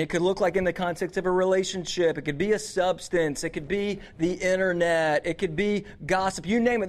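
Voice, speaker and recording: A man giving a youth sermon, casual and conversational, with frequent restarts and slang. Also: high voice. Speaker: youth pastor.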